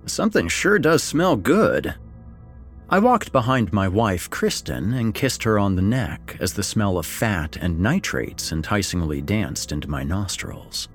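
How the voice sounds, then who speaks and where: Male narrator, low and animated, first-person fiction; faint music underneath. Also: measured pace, hardly any pauses. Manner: expressive, swings between wry and somber. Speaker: story narrator.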